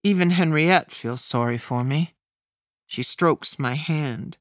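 A woman reads a first-person memoir for an audiobook, her voice deep for a woman and her delivery slow and measured. The recording is dry and close, with no room echo. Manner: measured, plain present-tense storytelling. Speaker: audiobook narrator.

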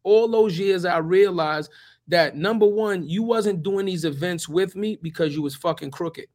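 A man co-hosting a podcast, telling a story in a heated, profane, animated way. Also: high voice, moderate pace. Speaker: podcast co-host. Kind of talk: casual podcast conversation.

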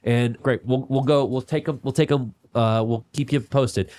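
A man hosting a golf podcast tells a rambling story in casual chat. He talks in animated bursts, quotes other people quickly and laughs often. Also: medium pitch. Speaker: podcast host.

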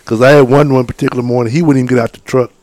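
A man with a drawl spins folksy outdoor stories, slipping into the voices of the people he's talking about. His voice sits at a middle pitch and is recorded close and dry, with no room sound around it. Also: rapid-fire, dry recording. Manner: folksy, animated storyteller acting out voices. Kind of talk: casual storytelling chat.

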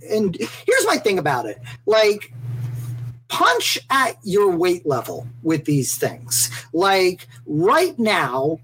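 Woman, podcast co-host, casual chat, lively pitch, rambling restarts, faint hiss. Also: rough recording.

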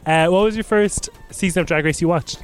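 A man's voice: sits high, brisk, faint music behind. A man hosting a podcast, asking questions and agreeing along in casual chat. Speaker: podcast host, interviewer.

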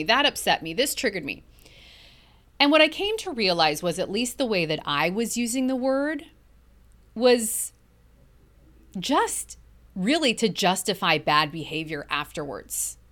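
A woman's voice: medium pitch, a bit bright. A middle-aged woman hosting a motivational podcast, talking earnestly and emphatically and stretching key words for effect. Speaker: podcast host.

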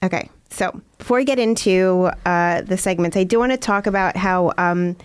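A woman hosting a podcast in casual chat, talking quickly and laughing easily while she is sick. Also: fairly low pitch, clear, resonant tone, no room sound. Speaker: podcast host.

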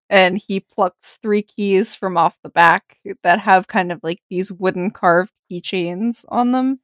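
A woman running a tabletop game, narrating scenes in a lively, casual way with fillers. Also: lowish voice, measured pace, few pauses, no room sound, clean studio sound. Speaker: game master.

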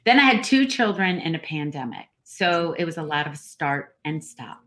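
A woman hosts a casual author interview and puts relaxed open questions to her guest. Her voice sits a little low for a woman. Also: moderate pace. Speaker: interview host.

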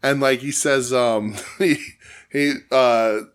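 A man's voice: mid-range voice, steady tone, takes it slowly, clear, resonant tone. A man co-hosting a wrestling podcast, chatting casually and retelling backstage stories with lots of fillers. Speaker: podcast co-host.

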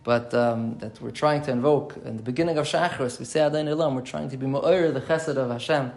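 Gravelly man giving a torah class, mid-pitched, explains slowly and circles back on phrases. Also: darkish tone. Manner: thinks aloud, repeats key phrases. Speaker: Torah teacher.

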